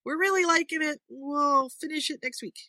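A woman's voice: sits high, normal speed, no room sound. A woman hosting a podcast, chatting casually and wrapping up the session. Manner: relaxed, chatty, wraps up the show. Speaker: podcast host. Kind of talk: casual chat.

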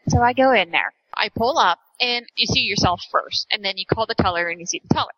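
A woman's voice: medium pitch, fast, dry recording. A woman chatting casually, telling a funny story with lots of giggles and acted-out voices. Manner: giggly, animated storyteller who acts out voices. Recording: dull lo-fi sound.

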